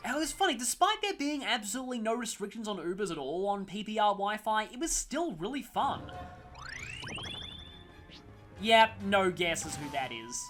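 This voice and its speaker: Let's-play commentator, casual, rambling, animated pitch, game music in background. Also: a little fast, few pauses. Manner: rambling, chatty, with gaming trivia digressions. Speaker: gameplay commentator. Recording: game music playing under voice.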